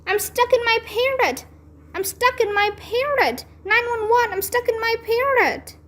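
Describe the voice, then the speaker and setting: A woman voicing an excitable, bossy little first-grade girl from a children's storybook, speaking shrill, pleading and overexcited. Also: unhurried. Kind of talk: children's storybook read-aloud.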